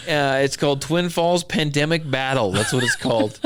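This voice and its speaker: A man's voice: fairly high pitch, lively intonation, normal speed, no room sound, clean studio sound. A man hosting a casual podcast chat, rambling wryly and listing things off. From southern Idaho. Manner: rambling, wry, lists things off. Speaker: podcast host. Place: home studio.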